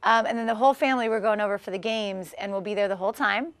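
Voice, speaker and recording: A woman's voice: mid-range voice, steady tone, quick pace, dry recording. A woman in her thirties, a guest on a TV talk show, speaking in a bubbly, chatty and upbeat way. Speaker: guest, former Olympic swimmer. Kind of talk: casual TV interview.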